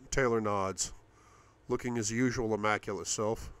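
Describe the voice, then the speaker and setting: A man narrating a first-person novel aloud, steady, going low and quiet in intimate passages. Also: a little fast. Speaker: audiobook reader.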